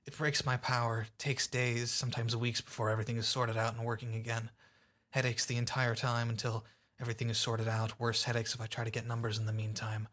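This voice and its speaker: A man's voice: medium pitch, little pitch movement, fairly quick, fairly bright tone, lightly acted. A man voicing a timid, frightened young girl with a pleading, fearful manner.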